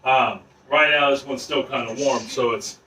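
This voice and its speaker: A man's voice: medium pitch, fairly even intonation, normal speed, sharp tone. A man hosting a casual home cooking video in his kitchen, chatty and rambling, often restarting his sentences. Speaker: home cooking channel host.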